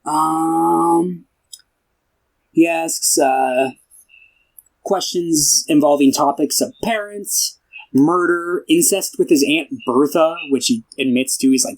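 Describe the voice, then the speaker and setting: A man's voice: fairly high pitch, takes it slowly, poor audio. A young man co-hosting a casual film podcast, retelling a plot in a loose, rambling way and voicing the characters' lines himself. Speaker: podcast co-host.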